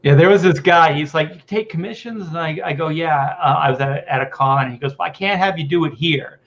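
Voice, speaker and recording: A man's voice: fairly high pitch, quick pace, a bit bright, muffled recording. A man, a comic artist, telling a story on a casual group video call. He acts out the other people's lines as he goes.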